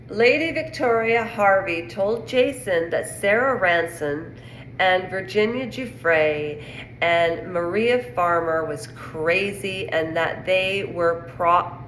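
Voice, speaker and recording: A woman's voice: mid-range voice, slow pace, a bit bright. A woman from Canada giving a rambling, indignant casual opinion monologue on pop culture. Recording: echoey room with faint noise.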